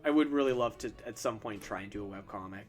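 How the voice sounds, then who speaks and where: A man's voice: on the low side, quick pace, soft background music. A young man chatting casually while drawing on a live stream, rambling and self-deprecating, with lots of fillers and restarts. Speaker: streamer and artist.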